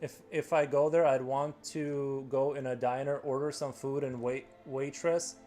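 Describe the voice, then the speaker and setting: A man's voice: mid-range voice, flat delivery, a little slow, warm tone. A man chatting casually on a live stream, rambling and using "like" a lot. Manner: rambling, heavy filler "like".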